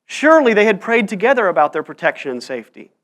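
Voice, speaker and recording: A man's voice: sits high, very animated, fast, a bit bright. A male pastor preaching a sermon in church, telling stories earnestly and pressing rhetorical questions. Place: church sanctuary.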